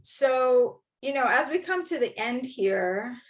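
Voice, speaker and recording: Woman host, talks slow, gentle careful questions. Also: high voice, lively intonation. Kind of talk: interview hosting.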